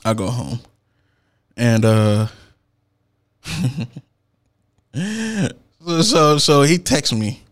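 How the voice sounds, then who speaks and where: A male performance poet telling a story in a relaxed, streetwise manner. His voice sits at an ordinary middle pitch. He tells it with casual slang and lively asides. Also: very slow, pauses often. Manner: slangy, animated retelling with laughs and acted-out quotes.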